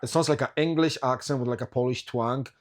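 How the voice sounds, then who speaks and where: Swearing podcast host. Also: male voice, mid-range voice, steady tone, fast talker. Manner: swears freely, tells stories in a loose, rambling way. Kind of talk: casual chat.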